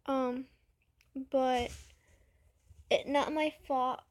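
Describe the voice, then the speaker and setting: A woman's voice: high voice, fairly even intonation, extremely slow. A woman vlogger with a childlike, babyish voice, talking hesitantly and defensively to camera with many fillers. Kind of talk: casual talk to camera.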